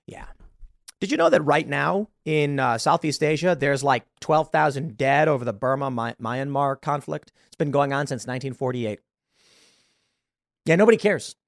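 A man's voice: mid-range voice, normal speed, dry recording, clean studio sound. A man hosting a podcast, delivering an exasperated opinion rant with frequent laughs and repeated words. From United States. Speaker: podcast host.

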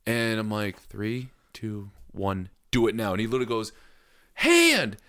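A man's voice: steady tone, moderate pace, clear, resonant tone. A man in casual chat who guides haunted house groups, telling stories in a dry, matter-of-fact way. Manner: dry, matter-of-fact storytelling, quoting people in a low voice.

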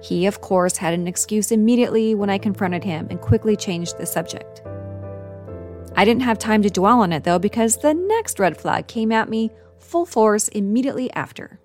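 A woman tells her own story in a measured, earnest scripted narration, her voice sitting at an ordinary middle pitch. Soft music plays faintly underneath. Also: expressive.

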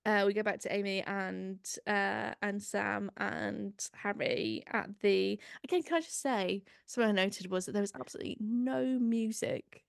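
A woman's voice: medium pitch, steady tone, moderate pace, creaky, hardly any pauses, dry recording, clean studio sound. A woman co-hosting a podcast, retelling scenes in a chatty, wry way with asides. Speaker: podcast co-host. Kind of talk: casual recap chat.

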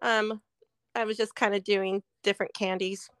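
A woman's voice: mid-range voice, moderate pace, clear, resonant tone, no room sound. A woman co-hosting a podcast, telling stories in casual chat and acting out what people said. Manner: animated storytelling, acts out dialogue. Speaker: podcast co-host.

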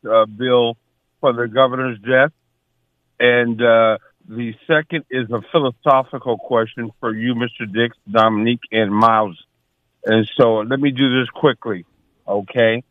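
Man in his sixties, caller, halting with many fillers, tinny phone line, dry sound. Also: medium pitch, fairly even intonation, no echo. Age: 60s. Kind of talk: call-in radio talk.

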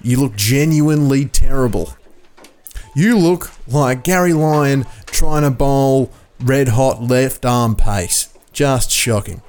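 A man's voice: mid-range voice, takes it slowly, darkish tone, natural voice. A man reading a comic letter in the voice of his ailing male co-host, in a dry, mock-solemn way. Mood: wry, mock-solemn.

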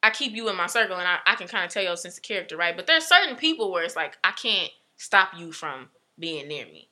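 A young adult woman talking in casual chat, telling a personal story with emphatic, animated delivery. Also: on the low side, quick pace.

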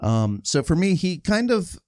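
A man in his forties co-hosting a podcast, speaking in a measured, reflective way with plenty of fillers. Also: high-pitched, very animated, a little mellow, dry recording, studio quality. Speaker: podcast co-host. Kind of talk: casual podcast chat.

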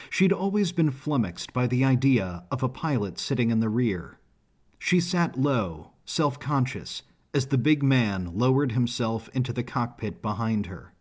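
A man narrating an audiobook story in a measured, even delivery. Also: medium pitch, slightly rough.

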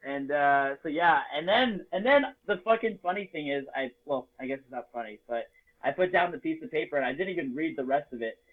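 Man, from Las Vegas, casual storytelling, profane, jokey, higher voice, phone-like audio. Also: animated, brisk. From Las Vegas, United States. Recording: tinny phone-like sound.

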